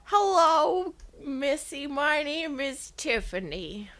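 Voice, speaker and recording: Casting: woman doing a doddering old granny, bright and falsely innocent. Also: sits high, very animated, slow pace, voice pushed up, exaggerated voice. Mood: sweet. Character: doddering old grandma disguise, female.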